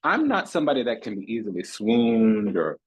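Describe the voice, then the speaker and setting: A man delivers a tarot reading in a loose, talky monologue. His voice sits a little low and comes out husky. He is sassy and theatrical, calling listeners honey and darling and hammering points home by repeating himself. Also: sing-song, normal speed, lo-fi sound. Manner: repeats phrases for emphasis. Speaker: tarot reader.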